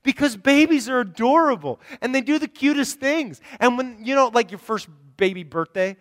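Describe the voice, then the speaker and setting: A male pastor with a very high voice preaches in a loose, chatty way. He often trips over repeated words as he works through his points. His voice rings out with the long reverb of a big church hall. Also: lively intonation, moderate pace, a bit bright. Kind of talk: sermon. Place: church sanctuary.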